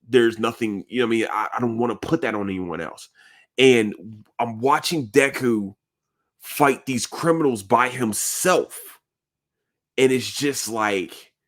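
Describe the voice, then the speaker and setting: A man's voice: medium pitch, a bit bright. A man hosting a podcast in casual chat, earnest and rambling, full of slang and swearing. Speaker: podcast host.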